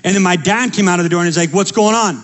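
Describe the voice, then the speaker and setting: A young pastor with a high voice preaches to his congregation. He tells quick, lively personal stories with energy, then builds into fervent appeals.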